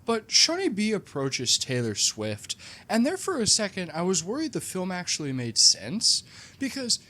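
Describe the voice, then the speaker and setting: Sarcastic movie reviewer, lively swooping pitch, animated, lots of "like". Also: normal speed. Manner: frequent "like" fillers. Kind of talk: comedic movie review commentary.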